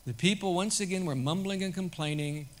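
A man preaching a sermon to his congregation in a conversational way that swells to loud, emphatic peaks. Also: high-pitched, a little fast. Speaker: pastor.

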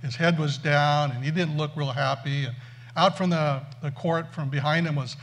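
Male preacher, self-mocking storyteller, slightly high, lively. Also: normal speed. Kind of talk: storytelling sermon.

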